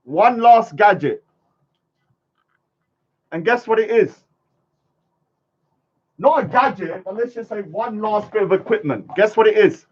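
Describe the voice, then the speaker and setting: A man's voice: high-pitched, lively intonation, unhurried, long pauses, husky. A man, vlogging casually to a live chat, rambling and mocking his critics. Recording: dull lo-fi sound.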